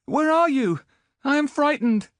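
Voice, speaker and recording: Frightened feverish boy, pitched well above the male narrator's own voice, pleading and anxious; dry, close audiobook sound. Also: expressive, measured pace, dry recording. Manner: pleading, anxious, high boyish voice. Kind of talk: audiobook character voice.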